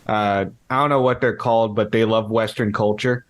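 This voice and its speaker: A man co-hosting a podcast in relaxed, joking casual chat, often stumbling over restarts. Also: lowish voice, moderate pace. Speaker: podcast co-host.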